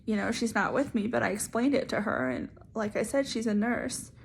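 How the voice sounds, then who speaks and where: A woman's voice: fairly high pitch, big pitch swings, moderate pace, vocal fry, a little hiss or hum. A young woman telling a personal story in a chatty way, with many fillers and asides. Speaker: vlogger sharing her story. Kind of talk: casual storytelling.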